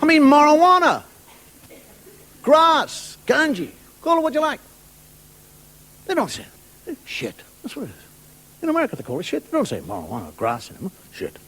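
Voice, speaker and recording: A man's voice: very high voice, huge pitch swings, moderate pace, pauses often, a bit bright. A man doing a wry, conversational stand-up monologue in a television studio in front of a live audience. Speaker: comedian. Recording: 1990 TV broadcast, audience laughter.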